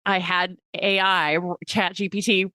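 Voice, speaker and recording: A woman's voice: medium pitch, little pitch movement, a little slow, sharp tone, clean tone, dry recording, studio quality. Chatty woman podcast host. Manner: chatty, laughs often. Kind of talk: casual podcast chat.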